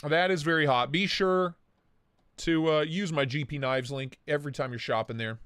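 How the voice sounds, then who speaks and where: A man hosting a casual knife livestream in a fairly high voice, recorded close and dry with no room sound. He talks in an excitable, hyped way, swearing freely and calling out to viewers in chat. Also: normal speed, clear, resonant tone, dry recording. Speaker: livestream host reviewing knives.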